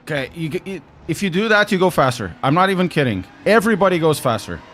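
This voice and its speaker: A man's voice: a little high, big pitch swings, fast talker, a bit bright, slight background noise. A young man with a Portuguese accent from Portugal, chatting casually to his stream chat while sim racing, wry and talkative.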